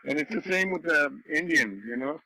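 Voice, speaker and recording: A man's voice: on the high side, animated, moderate pace, pushed and bright, low-quality recording. A man from Canada telling rambling stories in a casual chat over a radio net, full of fillers and restarts. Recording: radio audio with faint noise.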